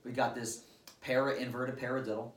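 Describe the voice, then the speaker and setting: A man's voice: medium pitch, flat delivery, brisk. A man patiently explaining drum stickings step by step, with casual fillers, as a drum teacher. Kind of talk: instructional drum lesson. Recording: roomy, distant-mic recording with drums. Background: drum kit played at times.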